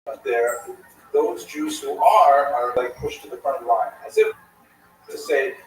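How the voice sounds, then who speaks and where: A man hosting a livestream discussion in a casual, animated way. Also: mid-range voice, a little slow. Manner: animated, tells jokes. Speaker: livestream host. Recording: echoey room from far off, faint noise.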